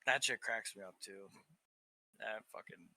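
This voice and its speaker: A man's voice: lowish voice, fairly even intonation, unhurried, pushed and bright. A man co-hosting a podcast, talking in crude casual banter, swearing and joking, often laughing at his own bits. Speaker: podcast co-host.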